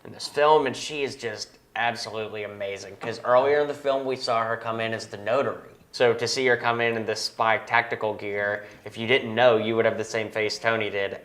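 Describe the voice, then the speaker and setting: A man's voice: lowish voice, steady tone, a little fast, few pauses, fairly bright tone. A young man hosting a casual movie review chat, talking with enthusiasm. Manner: enthusiastic, chatty, quotes lines in put-on voices. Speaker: host.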